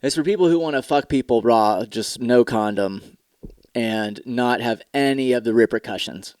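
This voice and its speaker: This is a man hosting a casual solo podcast, his talk candid, rambling and peppered with profanity. His pitch sits mid-range. The sound is close and dry, with no room around it. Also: normal speed, darkish tone, dry recording. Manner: candid, profane, rambling with mock commercial voices. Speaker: podcast host.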